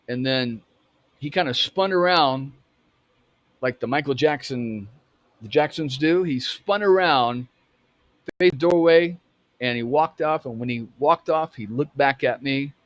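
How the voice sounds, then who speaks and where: A man in his fifties telling a personal story in a halting way, with many restarts. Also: fairly high pitch, no echo. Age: 50s. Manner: halting, full of restarts and fillers. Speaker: storyteller recounting a memory.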